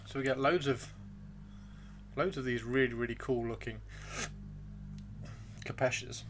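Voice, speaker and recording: A man live streaming as he builds miniatures, excitable and rambling, talking to himself and to chat. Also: medium pitch, unhurried, long pauses, a little hiss or hum.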